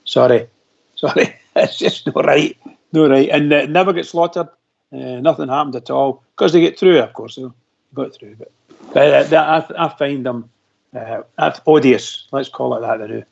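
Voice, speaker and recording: A man's voice: mid-range voice, moderate pace, gravelly, darkish tone. A man calling in to a radio phone-in, talking in a rambling, emphatic way. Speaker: caller. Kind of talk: casual phone-in chat. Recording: muffled lo-fi phone-in audio.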